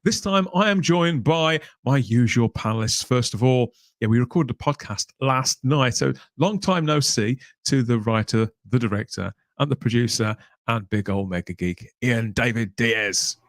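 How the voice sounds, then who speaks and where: A man's voice: medium pitch, moderate pace, few pauses, no room sound. Chatty Birmingham man hosting a live show. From England. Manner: chatty, jokey, reads out viewer names. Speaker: host. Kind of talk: casual live-stream chat.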